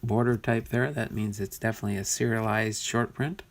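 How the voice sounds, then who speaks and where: A man's voice: fairly low pitch, steady tone, a little fast. A man casually talking through a box of cards, thinking aloud and muttering as he sorts them. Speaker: card collector vlogger. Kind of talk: casual unboxing commentary.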